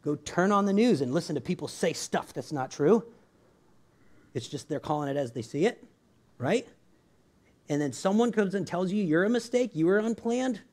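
A man's voice: fairly high pitch, expressive, moderate pace, pauses often, a little mellow. A man preaching a sermon in a casual, conversational way, often checking in with "right?" and laughing along with his listeners. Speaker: pastor.

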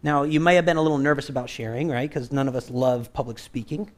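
Speaking quickly at a medium pitch, a man delivers a sermon as pastor in a chatty, animated style. He performs the quoted voices himself and keeps asking his listeners "right?"

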